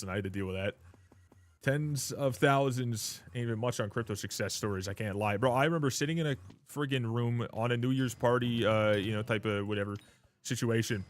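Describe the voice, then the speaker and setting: A young man, telling a rambling, profane story while streaming a game. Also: medium pitch. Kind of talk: casual livestream chat.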